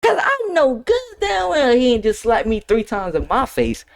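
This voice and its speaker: A young man streaming, telling a wild high school story to his chat, laughing and swearing as he goes. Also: huge pitch swings, normal speed, creaky. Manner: swearing, laughing, big dramatic voice swings. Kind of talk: animated storytelling to a live chat.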